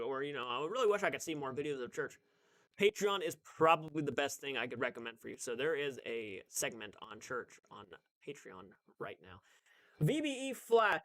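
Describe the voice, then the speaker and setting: A man's voice: fairly high pitch, sharp tone. A young man hosting a casual live stream, chatting and greeting viewers by name, often restarting his sentences.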